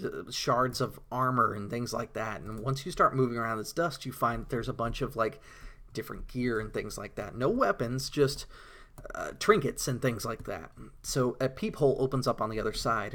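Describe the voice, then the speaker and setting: Brief: man, mid-pitched, casual rambling gamer monologue, enthusiastic storyteller. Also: fairly bright tone. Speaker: tabletop RPG blogger. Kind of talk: casual monologue about tabletop gaming.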